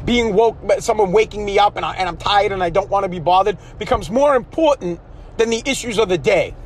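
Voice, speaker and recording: A man hosting a solo podcast from his truck while driving, ranting in a profane, worked-up way and getting loudly passionate. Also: sits high, a little fast. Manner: passionate, yells when fired up. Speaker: podcast host. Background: faint road and engine noise.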